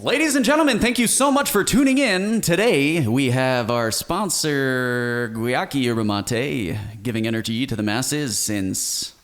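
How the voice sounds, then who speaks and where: A loud, over-the-top commercial announcer, as a man puts on the voice for a laugh. He pitches his voice well above his normal range and pushes every line like an old-time advert. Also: unhurried, few pauses, lightly acted. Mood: hammy. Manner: booming, exaggerated commercial delivery.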